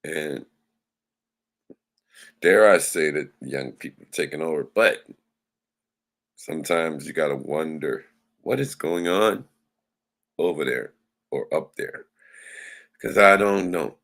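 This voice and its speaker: Slow, gravelly deep-voiced man. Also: fairly bright tone. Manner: loose, chatty, talks to the audience as y'all. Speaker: sports show host. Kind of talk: casual sports talk livestream.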